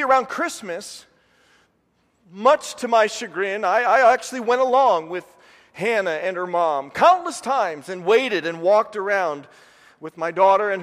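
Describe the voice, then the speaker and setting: High-voiced man preaching in a hall. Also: a bit bright. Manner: storytelling, imitates family voices. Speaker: pastor. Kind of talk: sermon. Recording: long hall reverb.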